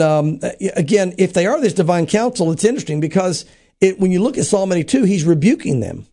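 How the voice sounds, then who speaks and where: A man, a pastor, teaching the Bible in a podcast conversation, acting out scripture dialogue in quick quoted voices and often restarting his sentences. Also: high voice, dark tone. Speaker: pastor, show regular.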